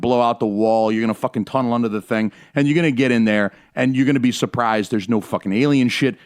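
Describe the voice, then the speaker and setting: A man competing on a comedy podcast panel, giving a profane, mocking, fast-riffing rant. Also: medium pitch, dry recording, studio quality.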